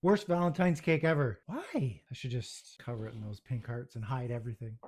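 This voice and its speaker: A man at an average pitch chats casually to the camera in his home kitchen as he bakes. He keeps up a steady stream of self-deprecating, exasperated muttering, half to himself and half to his viewers. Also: brisk. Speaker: home baking vlogger.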